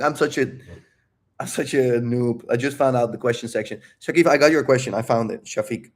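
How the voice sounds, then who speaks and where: A man's voice: medium pitch, moderate pace. A man coaching on dating in a live Q&A, talking casually with lots of swearing, tangents and self-interruptions. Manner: profane, animated, rambling with self-interruptions. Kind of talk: casual livestream talk.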